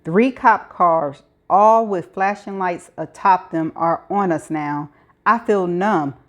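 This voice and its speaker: A woman narrates a thriller novel aloud in the first person. Her reading is steady and measured, carrying the tension of the scene. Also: fairly low pitch. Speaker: audiobook reader.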